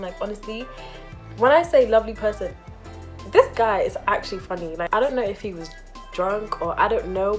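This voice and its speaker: A young woman telling a storytime vlog, animated and acting out quotes in different voices. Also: medium pitch. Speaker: vlogger.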